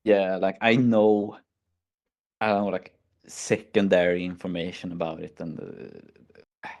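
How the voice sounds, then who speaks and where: A man's voice: low voice, little pitch movement, a little slow, creaky, a little mellow. A man with a Swedish accent hosting a casual chat stream, rambling through stories and acting out his own reactions. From Sweden. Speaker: stream host.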